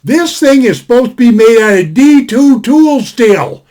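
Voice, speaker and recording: A man's voice: very high voice, animated, a little slow, a little mellow. An older man giving a casual sit-down knife review at his desk on a webcam, rambling and folksy, repeating himself and spelling out words. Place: indoors at a desk.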